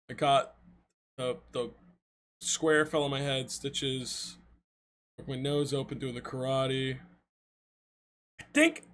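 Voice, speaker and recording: Young male streamer, high bright voice, lively casual storytelling, cursing freely. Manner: animated, swearing, laughing often.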